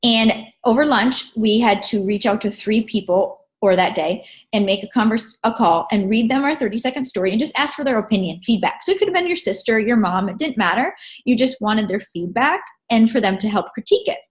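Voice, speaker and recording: Animated woman recapping a training day. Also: a little high, brisk, few pauses. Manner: animated, checks in with listeners often. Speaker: presenter recapping a training event. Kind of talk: casual storytelling recap.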